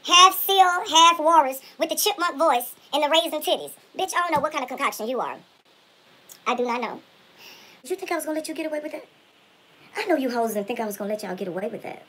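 Woman putting on a foul-mouthed vlogger diva, high voice, bright and sharp, profane insult-hurling spoof rant. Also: rough recording. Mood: boastful.

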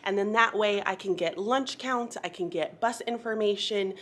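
A woman teacher talks casually to her viewers, recorded on a handheld phone camera in her classroom. Her voice sits at an ordinary middle pitch. She is quick, chatty and upbeat, with a slight nervous edge. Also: fairly bright tone. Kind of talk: casual vlog chat.

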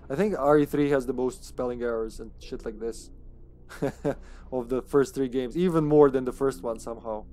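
A man's voice: mid-range voice, normal speed, dark tone, faint music behind. A man from Serbia with a Serbian accent, chatting casually through a live gameplay stream, laughing often and reading game text aloud.

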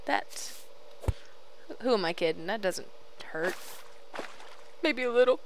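A woman's voice: medium pitch, lively intonation, slow pace, pauses often, slight background noise, rough recording. Playful young woman taunting game enemies. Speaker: gamer recording a let's play. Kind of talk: casual gaming chat over a voice call.

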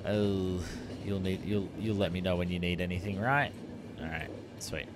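A man hosting a gaming channel, giving animated let's-play commentary and exclaiming at the screen. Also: sits low, moderate pace, background noise. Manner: animated, exclaiming, addresses viewers as legends.

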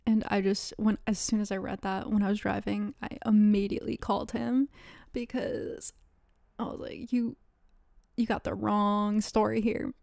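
With a gravelly, slightly mellow mid-range voice, this woman in her twenties speaks at a moderate pace in a level tone, recorded at studio quality with no room sound. She hosts a podcast and shares a story casually, often laughing, cursing, using many "likes," and putting on dramatic voices for quoted lines.

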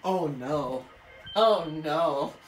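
A woman commentating her own video game play, excitable, swearing and yelling at the screen. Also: deep voice, drawn-out words, faint music behind. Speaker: gaming video creator. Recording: echoey room, off-mic, faint hiss.

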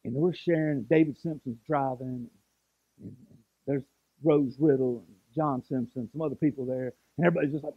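A man's voice: medium pitch, brisk, husky, dry recording, highs cut off. A pastor in his forties preaching a sermon as a story, with emphatic rises and frequent restarts. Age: 40s.

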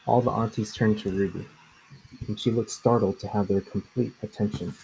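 A man narrating a children's story in the first person, measured and plain. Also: on the low side, fairly even intonation, gravelly, dark tone, husky, rough recording. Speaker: audiobook narrator.

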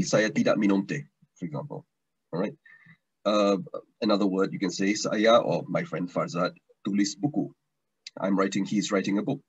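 Teacher, male, low husky voice, chatty and repetitive, dull lo-fi call audio. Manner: chatty, repeats words, restarts often. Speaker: language teacher. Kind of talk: online taster class, casual teaching. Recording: dull lo-fi online stream audio.

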